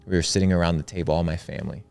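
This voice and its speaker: A man's voice: deep voice, steady tone, racing, creaky, darkish tone, smooth, soft background music. A young man talking in an interview, preachy and emphatic, repeating his points for effect. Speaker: guest. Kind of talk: motivational interview talk.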